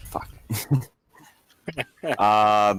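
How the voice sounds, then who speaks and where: A man playing a tabletop game, speaking in character in a slow, earnest, hesitant way. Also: fairly low pitch, steady tone, fairly bright tone, clear, resonant tone, no echo. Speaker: player.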